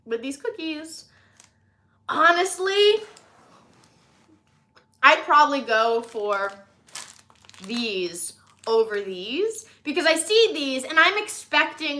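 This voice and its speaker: Bright, high-voiced chatty American woman. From United States. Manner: rambling, chatty, with many likes and ums. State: slightly nasal from recent illness. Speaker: vlogger tasting snacks. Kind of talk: casual chat to camera.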